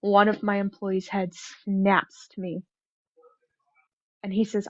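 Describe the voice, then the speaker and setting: A young woman telling a story in casual conversation, lively and full of fillers. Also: mid-range voice, slow pace, pauses often, dry recording. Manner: animated storytelling, many fillers. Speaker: guest. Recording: dry, dull lo-fi sound.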